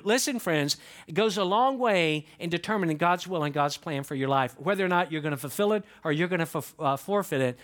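A man's voice: sits high, expressive, moderate pace, a bit bright. A male pastor preaching a sermon, emphatic and repeating key lines to the congregation.

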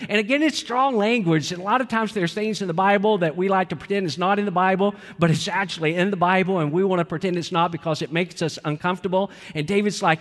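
Pastor guy preaching, fairly high voice, emphatic, long church reverb. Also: quick pace, hardly any pauses. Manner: emphatic, acts out quoted prayers with rising intensity. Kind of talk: sermon.

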